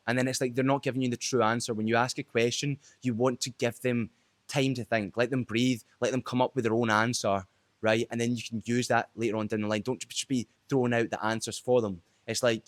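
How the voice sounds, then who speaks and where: A man's voice: mid-range voice, fairly even intonation, brisk, no room sound. A young man giving blunt, casual sales advice straight to camera, swearing freely as he talks. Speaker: sales trainer. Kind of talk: direct-to-camera sales tips video.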